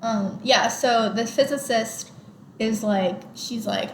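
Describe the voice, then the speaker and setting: A woman's voice: a little high, slow. A young woman co-hosting a podcast, chatting casually about a movie and retelling scenes with lots of "like". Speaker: podcast co-host. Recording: roomy with faint background noise.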